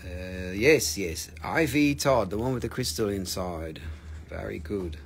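A man's voice: on the low side, lively intonation, unhurried, creaky, a little hiss or hum. A man hosting a live crystal sale, chatting casually, teasing viewers and swearing freely. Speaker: livestream crystal seller. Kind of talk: casual live sales chat.

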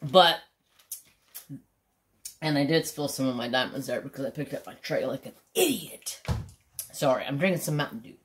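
A man's voice: mid-range voice, animated, normal speed, pauses often, fairly bright tone. A middle-aged man chatting casually and bluntly while doing a craft, rambling and swearing freely. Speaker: craft channel host. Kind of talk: casual chat while diamond painting.

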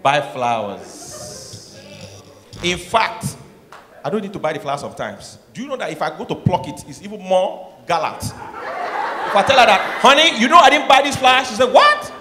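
Animated Nigerian comedian in a big hall. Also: male voice, high-pitched, brisk, crowd noise. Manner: animated, acts out voices, swings from soft asides to shouted punchlines. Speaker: stand-up comedian. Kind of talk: stand-up comedy routine. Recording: echoey hall, noisy live room.

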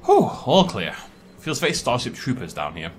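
A man's voice: mid-range voice, wildly swooping pitch, normal speed, slight background noise. A British man hosting a let's play, chatting casually and animatedly as he plays and often laughing at himself. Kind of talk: casual gaming commentary.

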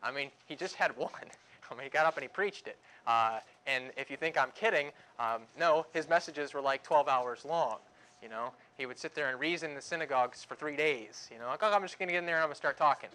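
Bright-voiced young man preaching casually. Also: mid-range voice, fairly quick. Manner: conversational, joking asides, acts out groans. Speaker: pastor. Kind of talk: sermon.

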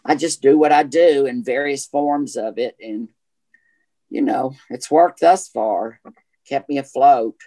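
Southern guy, gay voice, chatty and animated, telling stories in an interview. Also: medium pitch, a little slow. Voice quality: self-described gay voice. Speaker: actor guest. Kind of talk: casual interview chat.

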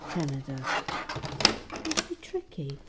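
A woman's voice: sits low, wildly swooping pitch, slow, heavy background noise. A woman hosting a building-toy vlog, chatting casually and rambling with many fillers while she builds. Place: cold room at home.

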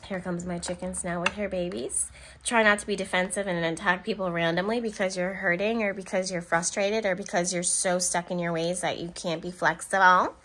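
A woman's voice: fairly low pitch, steady tone, fairly quick, a bit bright, slight background noise. A woman giving a pick-a-card tarot reading, chatty and affectionate, speaking straight to her viewers and laughing between remarks. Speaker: tarot reader.

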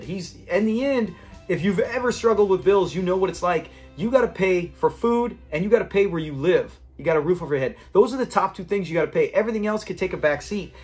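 A man hosting a casual episode review, chatty and rambling, laughing as he retells scenes. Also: sits high. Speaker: channel host reviewing a sitcom episode.

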